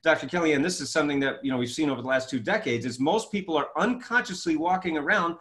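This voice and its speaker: A fairly high-voiced man talks fast and with emphasis, a guest expert on a video call. He makes his points with lively examples. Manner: energetic, emphatic, explains with examples.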